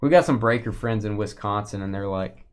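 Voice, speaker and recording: A man's voice: fairly low pitch, brisk, clear, resonant tone. A man with a Southern US accent hosting a livestream card break, teasing viewers and calling out cards.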